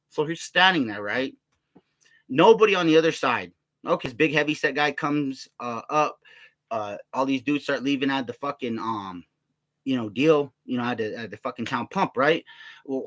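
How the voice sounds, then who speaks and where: Young adult male vlogger, mid-pitched voice, loose profane rant, slips into higher voices to act out others. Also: animated, fairly quick, a bit bright. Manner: profane, rambling, quotes others in raised voices. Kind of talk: casual rant to camera.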